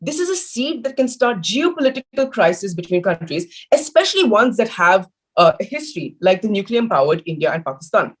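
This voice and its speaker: A man's voice: a little fast, hardly any pauses, husky, poor audio. A teenage boy giving an emphatic, argumentative school debate speech against a motion over a video call. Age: teens. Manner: emphatic, argumentative, lively pitch. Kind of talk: formal competitive debate speech.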